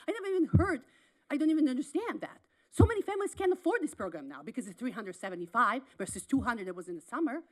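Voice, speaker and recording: A woman, a parent, giving an impassioned public comment at a city meeting, pleading and repeating herself with halting restarts, speaking at a podium microphone in a council chamber. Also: on the high side.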